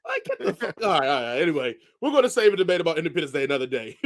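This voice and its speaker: A man with a slightly raised pitch runs quick 'this or that' questions in a casual podcast chat. He agrees with rapid repeated words and laughs along easily. The recording is dry and close. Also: sing-song, no room sound. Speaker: podcast co-host. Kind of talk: casual movie review chat.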